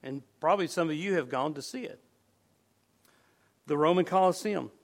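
Gravelly, emphatic man preaching a sermon. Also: normal speed. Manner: earnest, emphatic, drops to a low murmur on key words.

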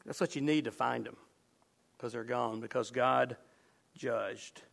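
A middle-aged man preaching a sermon, earnest and emphatic, dropping to a low murmur on key words. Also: unhurried, creaky, a bit bright.

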